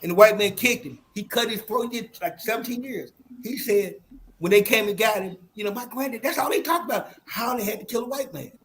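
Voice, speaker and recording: A man's voice: high-pitched, fairly quick, a bit bright, a little hiss or hum. An older man from the American South with a Southern accent, rambling through stories on a casual panel and often saying "hold up, man.". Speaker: panel guest, Marine veteran.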